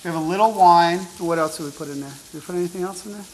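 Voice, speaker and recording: A man's voice: sits high, very fast, a little hiss or hum, poor audio. A man hosting a cooking show, giving upbeat, chatty step-by-step instructions with an encouraging, teasing manner. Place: show kitchen at the stove.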